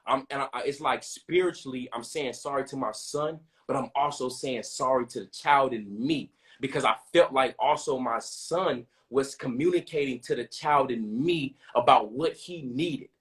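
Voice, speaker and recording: A man's voice: mid-range voice, moderate pace, hardly any pauses, a bit bright. A young man telling a personal story in an open, earnest way, often repeating himself and asking "you know what I'm saying". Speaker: podcast host.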